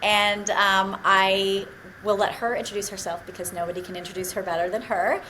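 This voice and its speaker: A woman's voice: mid-range voice, little pitch movement, normal speed, slight background noise, poor audio. A woman from Australia with an American accent, hosting a casual podcast chat and talking in a loose, filler-heavy way. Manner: warm, chatty, heavy on fillers like "um" and "like". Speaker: podcast host.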